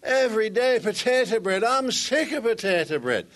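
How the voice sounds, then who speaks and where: A man's voice: high-pitched, big pitch swings, moderate pace, fairly bright tone, voice pushed up. A man voicing an Irish building worker who complains about his lunch in a put-on Irish lilt. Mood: fed up.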